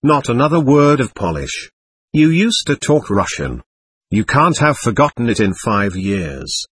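A husky-voiced man reading the lines of a passionate, quick-tempered young woman in an audiobook. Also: medium pitch, very animated, fairly bright tone, no room sound, exaggerated voice. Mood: impatient. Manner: furious, cutting.

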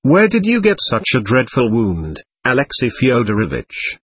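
A man's voice: mid-range voice, wildly swooping pitch, moderate pace, breathy edge, no echo. A man reading the part of a fussy, anxious middle-aged mother who speaks fretfully.

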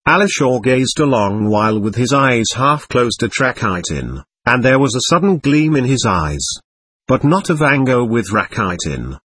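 A man reads a classic novel aloud with a measured, expressive delivery. His voice is husky, with lively rises and falls in pitch. The recording is dry and close. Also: no echo. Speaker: audiobook narrator. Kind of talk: scripted narration.

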